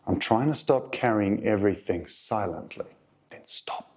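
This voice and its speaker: A man hosting a relationship advice channel, speaking in a calm, deliberate coaching monologue to viewers. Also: on the low side, husky.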